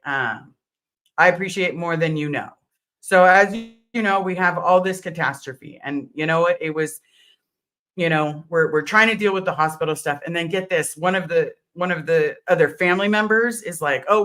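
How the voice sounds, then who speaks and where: Casual host: woman with a sharp, bright tone, rambling live chat. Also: on the low side. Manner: greets viewers by name, rambling storytelling with restarts. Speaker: livestream host.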